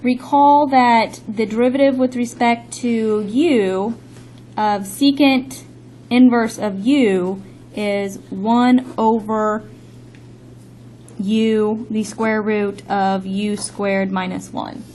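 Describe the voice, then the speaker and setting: A woman math instructor lecturing a class, explaining steps briskly and thinking aloud. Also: a little high, fairly even intonation, darkish tone, slight background noise, poor audio.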